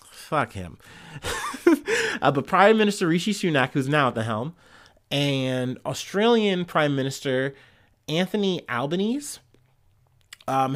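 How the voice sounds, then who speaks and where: A man riffing on the news for his podcast. He rambles, drops sarcastic asides and swears freely, leaning on "like" and "you know" as he goes. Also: mid-range voice. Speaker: podcast host. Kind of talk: casual solo news commentary.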